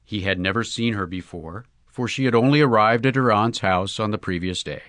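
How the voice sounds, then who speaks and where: A man narrating a comic story as an audiobook, in a wry, measured way. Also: fairly low pitch, fairly bright tone, dry recording, clean studio sound.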